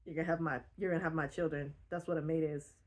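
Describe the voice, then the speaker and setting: A woman voicing a blunt, possessive male alien barbarian in a casual book retelling, speaking low and quietly. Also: flat delivery, fast talker.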